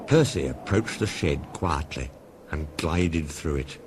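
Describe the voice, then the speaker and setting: A man narrating a children's storybook in a measured, expressive reading. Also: extremely low pitch, background noise. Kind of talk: storybook read-aloud.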